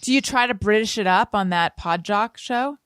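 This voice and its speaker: A woman's voice: mid-range voice, moderate pace, a bit bright, clean tone, dry recording, clean studio sound. A woman hosting an interview podcast, asking curious questions and reading listener questions aloud in a casual way. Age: adult with a young son. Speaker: podcast host.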